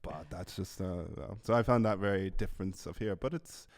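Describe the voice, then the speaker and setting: A man hosting a podcast in casual chat, an animated storyteller who acts out other people's voices and laughs often. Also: low voice, moderate pace, creaky. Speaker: podcast host.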